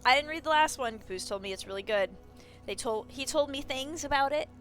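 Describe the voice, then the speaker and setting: A woman's voice: high-pitched, a little fast, fairly bright tone, faint music behind. A young woman streaming, chatting casually in a rambling way and swearing freely. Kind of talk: casual chat.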